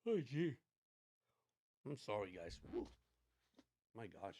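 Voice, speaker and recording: A man's voice: lowish voice, sing-song, takes it slowly, warm tone, slight background noise. A man hosting a casual sports watch-along livestream, chatting in a rambling, laid-back way. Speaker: livestream host.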